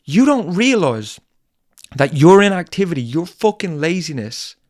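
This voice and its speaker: A man's voice: on the high side, very animated, measured pace, a little mellow, dry recording, studio quality. A man hosting a podcast, delivering a blunt, angry tough-love monologue full of swearing and repeated lines. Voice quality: blunt, heavy swearing, repetitive. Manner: angry, lecturing, emphatic. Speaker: podcast host.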